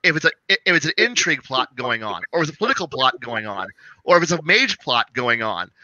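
A man co-hosting a casual chat about running tabletop games, talking in an animated way, swearing and acting out what players say. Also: mid-range voice, fairly quick, dry recording. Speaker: game master, podcast co-host. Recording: dull, lo-fi and dry.

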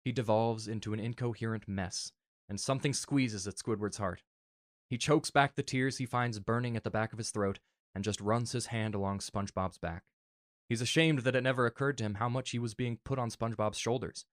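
A man earnestly reading a fan story aloud in a soft, emotional way. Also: medium pitch, brisk, no room sound, clean studio sound. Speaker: narrator.

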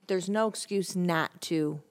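A woman co-hosts a relaxed conversation, laughing and agreeing readily. Her voice is fairly low, with a gravelly edge. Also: slow. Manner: warm, laughing, affirming. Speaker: podcast co-host. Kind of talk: casual chat.

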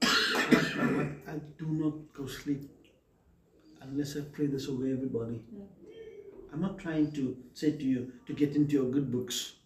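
A man's voice: mid-range voice, fairly even intonation, measured pace, a bit bright, a little hiss or hum. A man preaching a sermon emphatically, calling on the congregation for amens. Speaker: pastor. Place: church hall. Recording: echoey hall from far off.

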